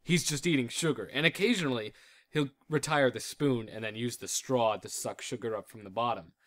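A man's voice: mid-range voice, fairly quick, fairly bright tone. Rambling joking young man. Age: young adult. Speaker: podcast cast member. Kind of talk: casual chat, storytelling.

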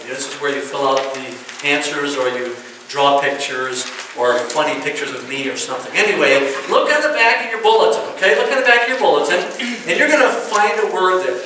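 High, bright-voiced preacher in an echoey church. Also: male voice, noisy background. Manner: folksy, checks in with the congregation. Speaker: pastor. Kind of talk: sermon. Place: church sanctuary. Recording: very echoey church room from far off.

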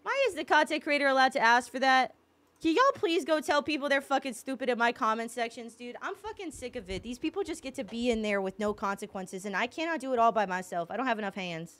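A woman's voice: fairly high pitch, expressive, fast talker, a bit bright. Blunt, exasperated woman streamer. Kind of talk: casual livestream chat.

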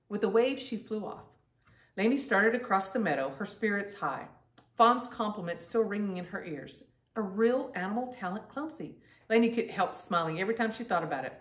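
A woman reading a children's chapter book aloud in a gentle, lively way, sometimes turning to her listeners. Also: mid-range voice, moderate pace, distant mic. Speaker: storyteller. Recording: echoey room, voice away from the mic.

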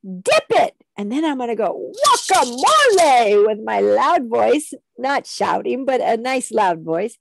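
A woman teaching a children's music lesson online, leading call-and-response singing in an animated, coaxing way. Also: fairly high pitch, a little slow, gravelly, hardly any pauses.

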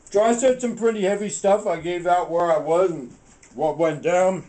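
A man's voice: high voice, moderate pace, darkish tone, low-quality recording. Rambling man cooking in his kitchen. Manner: loose, talks to camera with fillers like "man" and "right". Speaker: home cooking show host. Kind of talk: rambling casual cooking vlog. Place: home kitchen.

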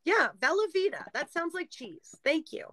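Bright-voiced woman explaining casually. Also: very high voice, very animated, unhurried, dry recording. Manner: explanatory, laughs often. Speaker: guest, former MLM seller. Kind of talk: casual live-stream chat.

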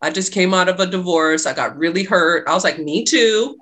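Bright-voiced woman telling a story. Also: on the low side, normal speed. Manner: animated storyteller acting out quoted dialogue. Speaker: guest, love and life coach. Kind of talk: storytelling in casual interview.

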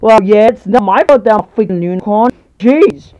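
A woman's voice: mid-range voice, moderate pace, a little mellow, muffled recording, lightly acted. A woman voicing a bullied pink unicorn, whiny and touchy, in a homemade toy video.

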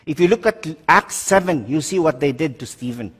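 Emphatic preaching pastor in a reverberant hall. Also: male voice, on the high side, expressive, moderate pace, a bit bright, husky. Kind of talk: sermon.

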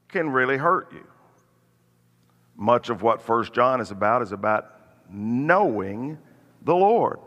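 A man's voice: fairly high pitch, animated, takes it slowly, bright, forceful tone. A middle-aged man leading a church Bible study, telling stories and lifting his voice for emphasis. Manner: storytelling, lifts voice for emphasis. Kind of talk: church teaching. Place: church hall. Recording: long hall reverb.

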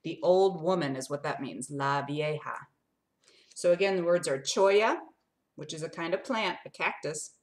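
Animated woman reading a picture book. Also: low voice, normal speed. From lives in Arizona desert. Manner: animated, sing-song, talks directly to young listeners. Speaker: children's book reader.

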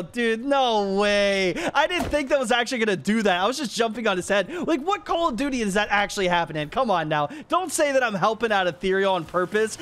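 A young man commentates a match in a high, bright voice, quick to excitement and laughter as he talks at the players. A faint hiss of noise sits under his voice. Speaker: gaming YouTuber. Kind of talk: gameplay commentary.

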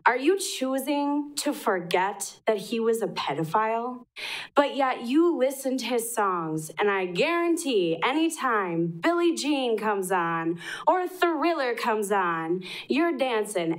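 A woman's voice: fairly high pitch, big pitch swings, slow, low-quality recording. A young woman from Wisconsin giving an earnest public comment at a city council meeting.

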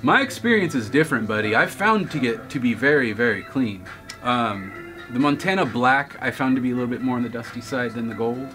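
A man's voice: mid-range voice, brisk, pushed and bright, soft background music. A man hosting his own video, reading viewer comments aloud and answering with wisecracks and laughs. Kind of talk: casual chat.

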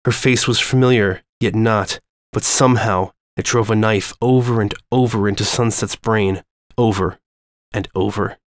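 A man giving a measured, ominous reading of a dark story to his listeners. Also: lowish voice, fairly even intonation, no room sound. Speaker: story reader.

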